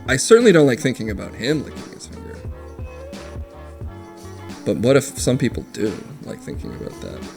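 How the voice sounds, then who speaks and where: A man hosting a livestream, giving quick, sardonic comedic commentary. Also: fairly low pitch, huge pitch swings, gravelly, a little mellow, faint music behind. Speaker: streamer host.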